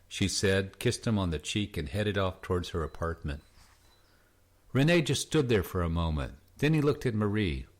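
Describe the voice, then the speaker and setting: A man narrating an audiobook in a calm, steady reading voice. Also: low voice, moderate pace. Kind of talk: scripted narration.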